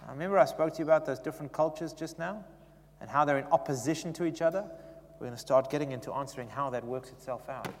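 A man preaching a sermon in an animated, conversational way, often turning to ask the congregation questions. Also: on the high side, quick pace. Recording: long echoey reverb of a hall.

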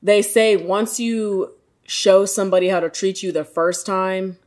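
A woman's voice: mid-range voice, little pitch movement, measured pace, a little mellow. A woman talking frankly and laughing easily in a casual chat among friends.

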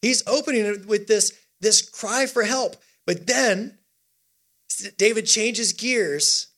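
A man preaching as a youth pastor, energetic and exhorting, leading a congregation through a call-and-response scripture reading. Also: very high-pitched, slow pace. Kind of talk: sermon.

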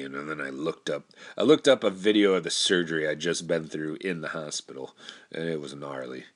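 A young man with a very low, deep voice tells a story casually and candidly. He rambles, restarts his sentences and swears now and then. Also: fairly quick. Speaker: storyteller recounting personal experience.

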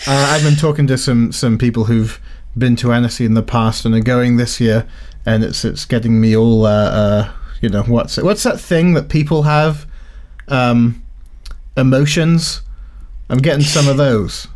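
A man's voice: medium pitch, steady tone, moderate pace, darkish tone. A man co-hosting a casual comedic podcast chat, talking in a dry, sarcastic, playfully grumpy way. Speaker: podcast co-host.

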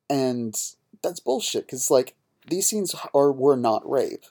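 A man's voice: mid-range voice, expressive, moderate pace, hardly any pauses, dark tone. A man co-hosting a podcast, ranting in a heated, profane, casual way. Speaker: podcast co-host.

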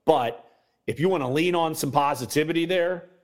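A man's voice: fairly high pitch, normal speed. A man who writes about sports, a guest on a podcast, breaking down football in casual chat with many hedges and restarts. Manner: hedging, many fillers and restarts.

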